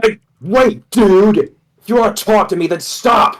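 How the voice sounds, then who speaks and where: A man voicing a hot-headed young male student who shouts and picks fights, in a fan dub. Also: high voice, a little slow, slight background noise, poor audio. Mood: furious. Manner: shouting, confrontational.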